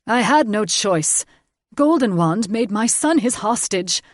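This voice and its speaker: A woman's voice: mid-range voice, lively intonation, takes it slowly, no echo, studio quality. A woman voicing a frightened father in an audiobook, pleading desperately.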